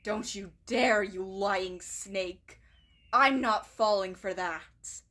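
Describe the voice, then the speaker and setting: A woman's voice: medium pitch, very slow, fairly bright tone. A woman reading as a stern warrior she-cat deputy. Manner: firm, commanding, read out in storybook tone.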